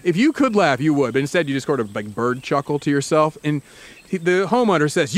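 Podcast host, man, fairly high voice, casual storytelling, playful asides. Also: lively intonation, fairly quick. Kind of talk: casual second-person storytelling.

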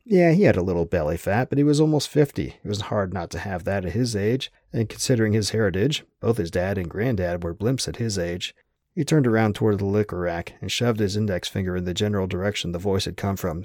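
A man narrating an audiobook in a steady, wry storytelling manner. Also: low-pitched, quick pace, no echo, clean studio sound.

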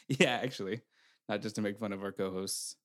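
A man's voice: lowish voice, normal speed, a bit bright, no room sound, studio quality. A man co-hosting a casual gaming podcast, joking and teasing his co-hosts. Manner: joking, teasing, laughs often. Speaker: podcast co-host.

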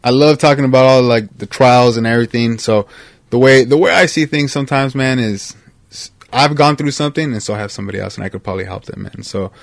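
A man's voice: mid-range voice, fast talker, vocal fry, no room sound, clean studio sound. A man talking as a podcast guest in a casual, upbeat chat, often calling the host "bro" and "man". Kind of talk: casual conversational interview.

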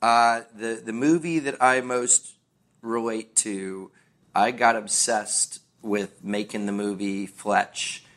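A man's voice: fairly low pitch, fairly even intonation, slow, fairly bright tone. A middle-aged American man, a podcast guest, rambling through anecdotes and acting out voices as he tells them. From United States. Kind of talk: casual podcast chat.

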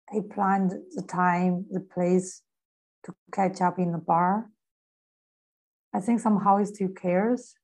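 A woman's voice: medium pitch, a little mellow, poor audio. A woman answering tentatively as a coaching client. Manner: tentative, hesitant.

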